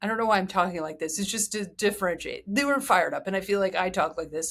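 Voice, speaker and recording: A woman's voice: mid-range voice, expressive, quick pace, few pauses, fairly bright tone, slight background noise. Chatty, candid woman host with a mid-range voice, casual rambling delivery. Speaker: podcast host. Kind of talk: casual chat.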